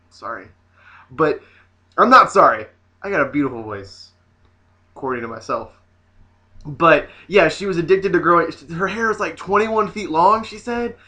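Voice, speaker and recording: A man vlogging in a casual comedic rant, sassy and animated with mocking asides. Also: high voice.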